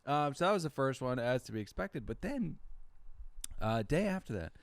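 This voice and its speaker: A man, co-hosting a podcast and telling lively stories in casual chat. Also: medium pitch, moderate pace, no room sound. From Los Angeles area. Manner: animated storyteller, acts out quotes. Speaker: podcast co-host.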